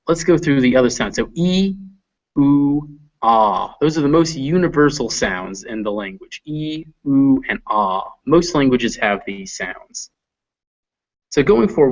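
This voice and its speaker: A man's voice: mid-range voice, animated, normal speed. A man teaching a phonetics lesson, patiently sounding out vowels and example words. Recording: dull lo-fi recording.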